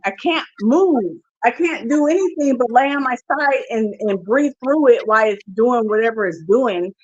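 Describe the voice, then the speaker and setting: A woman's voice: sits high, a bit bright, no room sound, dull audio. A woman guest telling her story candidly and expressively in a casual interview, with frequent fillers.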